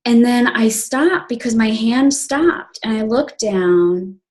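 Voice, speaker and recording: A woman's voice: on the high side, lively intonation, takes it slowly, a little mellow. A young adult woman telling an emotional personal story in an earnest, confiding way, with many fillers and restarts.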